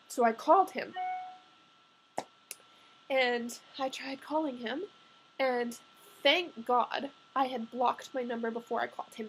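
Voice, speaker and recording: A woman's voice: a little high, gravelly, slight background noise, poor audio. A young adult woman telling a personal story in a candid, confessional way, chatty and full of "like" fillers.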